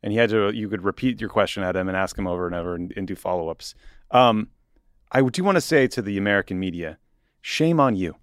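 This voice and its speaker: A man's voice: fairly low pitch, lively intonation, fast talker, dry recording, studio quality. Blunt, indignant man co-hosting. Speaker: podcast co-host. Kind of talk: casual political chat.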